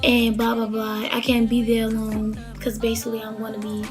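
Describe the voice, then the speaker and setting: A woman's voice: a little high, completely flat delivery, brisk, over music. A young woman from the Baltimore area casually telling a story, chatty and rambling with lots of fillers. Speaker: vlogger.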